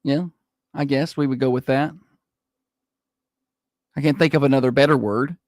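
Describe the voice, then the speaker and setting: With a mid-range voice at a moderate pace and no echo, this morning radio co-host talks into a studio microphone. The chat is casual: he needles his co-host with dry humor and livens up when telling stories.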